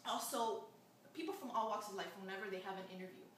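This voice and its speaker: A woman hosts a casual spiritual interview at a quick pace, encouraging her guest and echoing her own phrases. Her voice is caught from a distance in a very echoey room. A faint hiss sits under it. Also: mid-range voice. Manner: warm encouraging, repeats words, trails off. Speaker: host.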